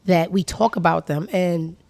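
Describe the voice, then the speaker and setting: A woman hosting her own show in a crude, sassy comedic monologue that swings from low mutters to loud outbursts. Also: fairly even intonation, unhurried, creaky. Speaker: show host.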